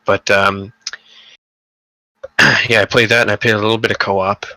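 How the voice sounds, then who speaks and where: A man's voice: fairly low pitch, little pitch movement, moderate pace, creaky, sharp tone, dry recording, rough recording. A young man co-hosting a casual gaming podcast, rambling and profane, with lots of fillers and restarts. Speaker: podcast co-host.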